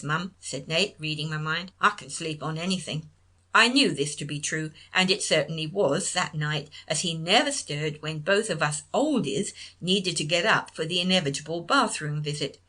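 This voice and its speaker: Woman, 50s, memoir reading, wry, lowish pitch, bright tone. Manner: wry, conversational storytelling. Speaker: author reading her memoir. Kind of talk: first-person memoir reading.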